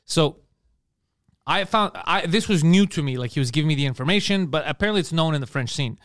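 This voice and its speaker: A man's voice: fairly high pitch, expressive, fast, fairly bright tone, no echo, studio quality. A man hosting a casual comedy podcast who rants bluntly and profanely and acts out other people's voices.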